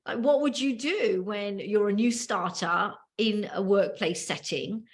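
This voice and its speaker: A woman's voice: mid-range voice, unhurried. A woman with a British accent from the UK, co-hosting a casual podcast and telling a workplace story with many ums and restarts. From United Kingdom. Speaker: podcast co-host.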